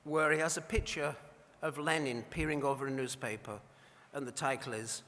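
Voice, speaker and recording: A man's voice: mid-range voice, steady tone, moderate pace, fairly bright tone. A man presenting an award at a dinner, telling wry anecdotes in an after-dinner speech, recorded in a large banquet hall. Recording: reverberant hall.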